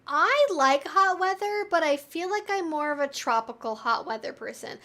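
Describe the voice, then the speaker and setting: A woman's voice: high voice, animated, normal speed, sharp tone. A young woman hosting a casual live-stream Q&A at home, chatty and candid, with lots of "like" in her speech. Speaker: live-stream host answering viewer questions.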